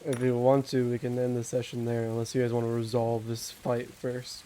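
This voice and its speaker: Mellow-voiced young man running a tabletop game. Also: mid-range voice, moderate pace, a little hiss or hum. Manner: relaxed, loose, with fillers and restarts. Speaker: game master. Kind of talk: casual tabletop game narration.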